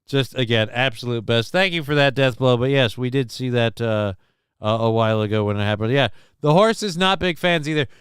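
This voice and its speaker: The host of this casual live stream speaks briskly in a medium-pitched, slightly bright, clear and resonant voice, with no room sound. Reacting to news clips, he rambles, gets sarcastic and mimics the people featured.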